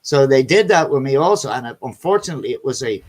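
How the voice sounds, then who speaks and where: A man's voice: medium pitch, expressive, quick pace, a little mellow. A man hosting a casual video chat, telling rambling stories, swearing freely and calling people buddy and man.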